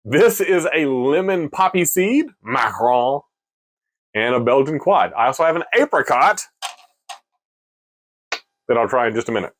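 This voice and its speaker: A man's voice: fairly high pitch, normal speed, pauses often. A man hosting a casual beer-tasting video, chatty and joking about his own pronunciation. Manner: chatty, self-mocking, lively. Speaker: beer reviewer, video host.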